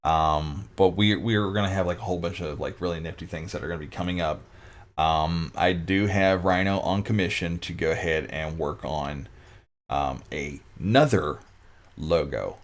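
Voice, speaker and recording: A man's voice: deep voice, normal speed. A man hosting his own live-stream talk show, chatting casually with viewers, full of restarts and jokey asides.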